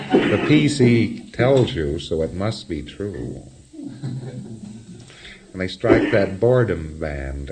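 A man lecturing in a wry, explanatory way, often chuckling at his own examples. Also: deep voice. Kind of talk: recorded lecture.

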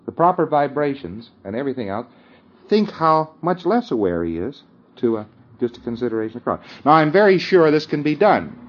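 A man's voice: mid-range voice, dull audio. A man giving an informal lecture, often chuckling and checking that his listeners follow him. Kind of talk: conversational lecture.

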